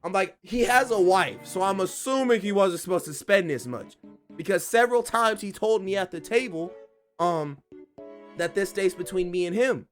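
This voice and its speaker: A man streamer telling a story animatedly to his audience, excitable and quick to burst into laughing outbursts, repeating lines for emphasis. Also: sits high, soft background music.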